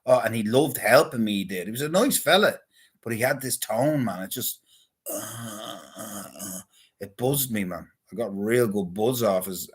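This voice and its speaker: A man with a husky, slightly rough voice rambles through a casual monologue to his viewers. His talk is crude and loose, full of swearing and offhand banter. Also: fairly low pitch, expressive, moderate pace. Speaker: vlogger.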